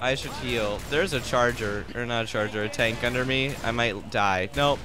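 A man's voice: medium pitch, moderate pace, over music. A young man chatting casually over a game with friends, teasing and laughing often. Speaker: gamer. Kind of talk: casual gaming chat.

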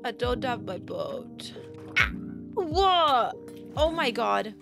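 A woman giving casual, chatty gameplay commentary, easily excited and gasping at new finds. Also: on the high side, slow, gravelly. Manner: chatty, excitable, gasps at discoveries. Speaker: Minecraft gaming creator. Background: background music.

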